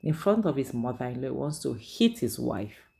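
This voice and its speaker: A woman's voice: extremely low pitch, sing-song, moderate pace, vocal fry, mellow. A woman, casually recapping and reviewing a drama series in a chatty, opinionated way. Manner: chatty, opinionated, frequent "like" and "you know".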